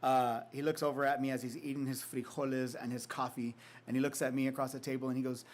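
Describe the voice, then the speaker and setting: A man, an author at a literary reading, reading a poem and then telling a story in a reflective, unhurried way with casual fillers. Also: mid-range voice, level tone. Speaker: author giving a faculty reading.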